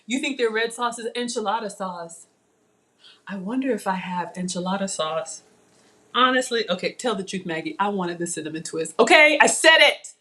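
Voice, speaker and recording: A woman's voice: mid-range voice, moderate pace, a bit bright. A woman hosting a live cooking demo, chatting to her viewers while she cooks in a playful, self-teasing way. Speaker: cooking livestream host.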